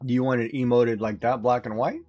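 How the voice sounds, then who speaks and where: A man co-hosting a casual chat, explaining his points with deadpan humor. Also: mid-range voice, fairly quick, muffled recording, soft background music. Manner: explaining, dryly joking.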